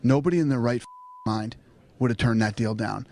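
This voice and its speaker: A man's voice: mid-range voice, moderate pace, darkish tone, a little hiss or hum. A middle-aged man ranting bluntly and profanely at a press conference as a sports promoter.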